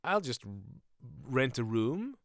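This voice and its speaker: A man's voice: medium pitch, big pitch swings, takes it slowly, dry recording. Comedian guy rambling on his podcast, mocks himself a lot, voice bouncing all over, dry close sound. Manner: jokey, self-mocking, goes off on tangents. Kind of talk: rambling comic monologue.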